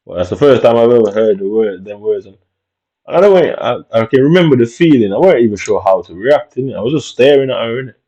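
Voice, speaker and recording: A man's voice: medium pitch, animated, quick pace, mellow, dull audio. A man telling a long, reflective story about his childhood in casual, rambling talk, dropping "innit" throughout. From Jamaica. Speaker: vlogger.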